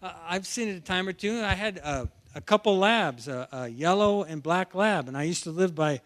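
A man's voice: high voice, expressive, normal speed, fairly bright tone. A man preaching an expository sermon, talking animatedly and often repeating words as he restarts a phrase. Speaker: preacher teaching from the Bible.

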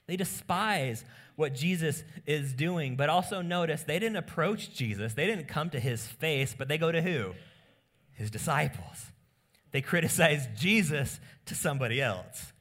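A male pastor preaching a sermon in an emphatic style, asking rhetorical questions and swinging from soft asides to loud emphasis. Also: medium pitch, animated, a little slow.

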